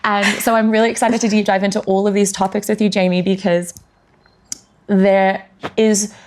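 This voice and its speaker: A woman co-hosting a yoga podcast, talking casually in a gushing, warm way and laughing easily. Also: medium pitch, flat delivery, normal speed, background noise. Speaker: podcast co-host; yoga teacher. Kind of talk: casual chat.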